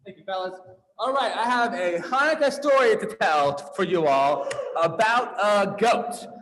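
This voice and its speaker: A man leading a holiday service, coaxing the congregation into a playful story with quick, encouraging back-and-forth. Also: high voice, expressive, a bit bright, rough recording. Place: dim room at a congregation gathering.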